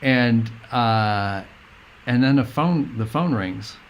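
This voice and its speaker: A middle-aged man, a guest, telling a personal story in an earnest, meandering, halting way. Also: medium pitch, slight background noise.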